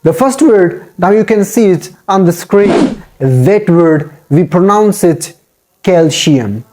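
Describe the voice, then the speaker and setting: Mellow-voiced man teaching pronunciation. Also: sits high, slow. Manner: repetitive, drills each word aloud. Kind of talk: instructional talk.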